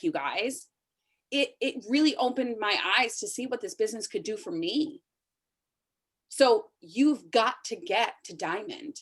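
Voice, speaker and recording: A woman in her thirties leading a sales team call, giving an emotional, urgent motivational pep talk over a video call. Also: on the high side. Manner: emotional, urgent, pleading with listeners.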